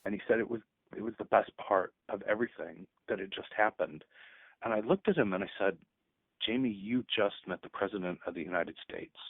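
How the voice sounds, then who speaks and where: A man's voice: lowish voice, a little fast, creaky, slightly rough, dry recording. A man in his fifties, a teacher and guest on a radio show, speaking earnestly and at times choked up. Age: 50s. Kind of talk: emotional radio interview. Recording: tinny phone line.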